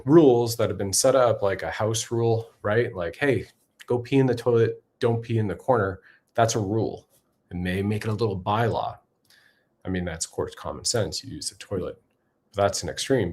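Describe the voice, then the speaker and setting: A man hosting a political commentary show, talking emphatically and conversationally with frequent fillers. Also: fairly low pitch. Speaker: show host.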